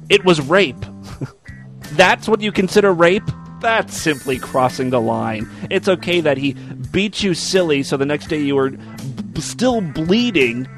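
A man hosting a comedy show, reading a story aloud and breaking off to mock it with sarcastic asides. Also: a little high. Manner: sarcastic, wisecracking, laughs at the text. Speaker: host. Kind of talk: comedic reading with mocking commentary.

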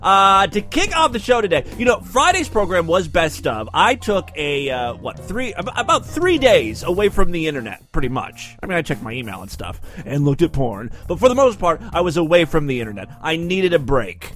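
Animated sarcastic male comedy podcast host. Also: on the high side, moderate pace, few pauses, soft background music. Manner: rambling, sarcastic, jumps between loud and mumbled. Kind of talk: comedic monologue.

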